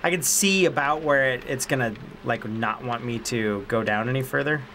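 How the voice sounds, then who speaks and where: A young man giving casual commentary while he plays a video game. He gets excitable, talks to the characters on screen and repeats phrases. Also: mid-range voice, normal speed, a little hiss or hum. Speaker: let's play host.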